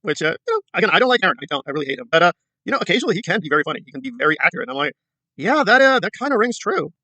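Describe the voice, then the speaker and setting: A man's voice: a little high, big pitch swings, rapid-fire, pushed and bright, no room sound. A man giving sarcastic, mocking commentary on an online video feud. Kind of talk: reaction commentary.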